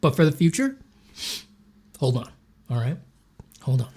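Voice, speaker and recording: Thanking supporters and taking chat questions while he draws on a livestream, this man jokes, rambles and mocks himself casually. His mid-range voice swings widely in pitch, unhurried and mellow with a breathy edge.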